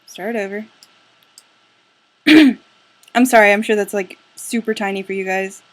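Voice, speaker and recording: A woman's voice: mid-range voice, fairly even intonation, unhurried, soft background music. A woman playing a video game and chatting casually to viewers, loose and a bit sweary. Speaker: let's play gamer.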